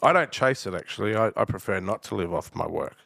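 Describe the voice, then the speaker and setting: A man's voice: lowish voice, animated, quick pace, vocal fry, fairly bright tone, no room sound, clean studio sound. An Australian man, a guest artist, telling rambling stories in a casual podcast interview. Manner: rambling anecdotes with restarts and quoted dialogue.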